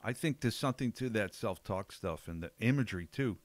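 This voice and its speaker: A man's voice: on the low side, lively intonation, brisk, no room sound. An older man co-hosting a podcast, telling stories and giving blunt, emphatic coaching advice in casual chat. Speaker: podcast co-host, jiu-jitsu coach.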